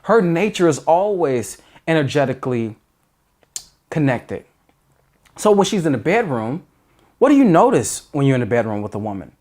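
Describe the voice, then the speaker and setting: A man's voice: fairly high pitch, sing-song, moderate pace, pauses often, a little mellow. A man giving dating advice in an earnest, emphatic monologue, often restarting sentences. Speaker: dating coach.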